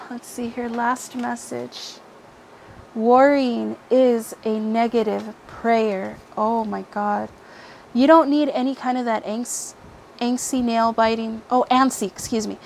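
Woman tarot reader, casual pick-a-card chat, higher-pitched, blunt and profane, faint background hiss. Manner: blunt, frequent swearing, many fillers. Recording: faint background noise, helicopter overhead at times.

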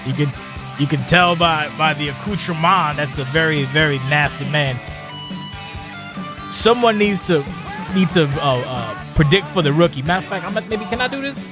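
A man with a high voice calls a wrestling video game match as it unfolds. He is animated and jokey, shouting at the big moves, while game music plays clearly behind him. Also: normal speed. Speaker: live stream host and wrestling game commentator. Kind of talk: excitable play-by-play game commentary.

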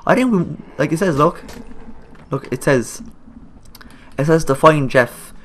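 A man's voice: on the high side, lively intonation, a little slow, long pauses, a little hiss or hum. A young man with an Irish accent, rambling jokily over a video game he plays, talking back at the characters on screen and swearing a lot. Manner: coarse slang and swearing. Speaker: gaming YouTuber. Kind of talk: let's play commentary.

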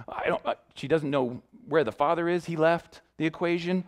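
In a church sanctuary, a young male youth pastor preaches a sermon built around a personal story. His voice is a little high at a moderate pace, and he speaks animatedly, acting out the people he quotes.

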